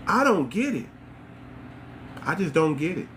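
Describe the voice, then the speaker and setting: A man's voice: a little high, sing-song, unhurried, fairly bright tone, slight background noise. A man hosting a livestream, talking straight to his viewers in a mocking, rhetorical and preachy way. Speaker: livestream host.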